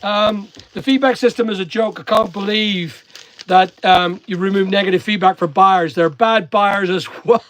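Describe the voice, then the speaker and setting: Man, mixed northern irish and english accent, fairly high voice, live stream host, reads chat aloud, banters with viewers. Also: moderate pace, a bit bright, poor audio. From Northern Ireland. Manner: chatty, jokey, reads viewer comments and answers them. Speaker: online seller and live streamer.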